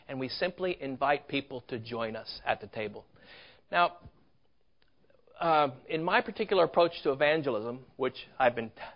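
A man preaching a sermon as a story, conversational, with rhetorical questions and asides. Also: fairly high pitch. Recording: dull lo-fi recording.

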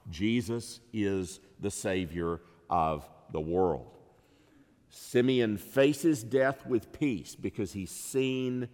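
A man preaching an expository sermon, measured and emphatic, rising in pitch and volume on key phrases. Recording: long reverb of a large hall.

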